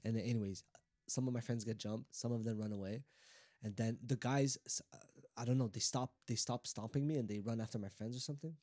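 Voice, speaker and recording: A French-speaking man telling a rough street story in casual podcast chat, swearing and quoting himself. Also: mid-range voice, fairly even intonation, fairly quick, warm tone, no room sound, studio quality. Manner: loose, profane, quoting himself.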